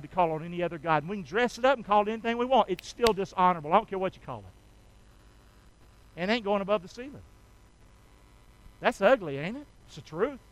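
High, folksy preacher man. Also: a bit bright, no echo, rough recording. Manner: folksy, calls out to congregation, rhetorical questions. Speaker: pastor. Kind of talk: sermon.

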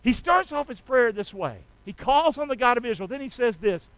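A man's voice: very high-pitched, very animated, fairly quick, few pauses, a bit bright, dry recording, low-quality recording. A man preaching a sermon, folksy and full of rhetorical questions to the congregation. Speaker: pastor.

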